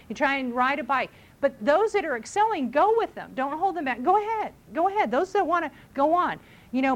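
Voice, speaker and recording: A middle-aged mother giving casual parenting advice, chatty, who acts out what people say. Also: high voice. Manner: chatty, acts out voices in quotes.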